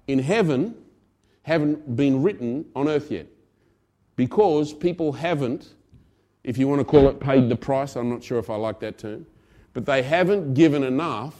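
Man preaching in a conversational way. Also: mid-range voice. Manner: conversational preaching, swinging between loud emphasis and quiet asides. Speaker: pastor. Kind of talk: sermon.

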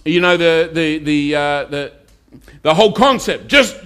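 A man's voice: a little high, animated, measured pace, fairly bright tone, clean tone. A pastor preaching a conversational sermon to his congregation and asking them for amens. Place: church.

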